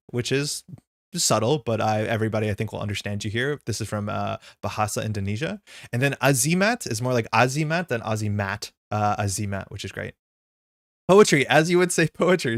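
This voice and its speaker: A man hosting a live stream, chatting casually and thinking aloud as he slowly tries out how words are pronounced. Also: mid-range voice, dry recording, clean studio sound. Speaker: stream host.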